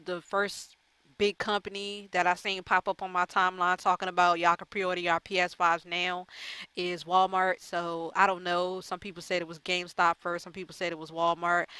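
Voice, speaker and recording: A woman's voice: lowish voice, bright, forceful tone, clear, resonant tone, no room sound. A woman gaming YouTuber chatting casually to her viewers, rambling and profane with lots of fillers. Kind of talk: casual chat to camera.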